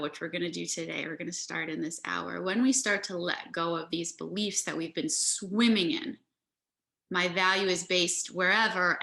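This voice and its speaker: A middle-aged woman, an energy healer, giving a reflective talk in an earnest, gentle manner, acting out inner voices as quotes. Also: on the low side, creaky.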